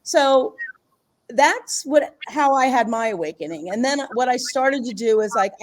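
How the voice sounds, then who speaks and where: In an unhurried, expressive voice pitched a little high, a middle-aged woman who is an author and healer relates a personal story as a guest in a casual interview. Her telling meanders, with restarted phrases and frequent laughs.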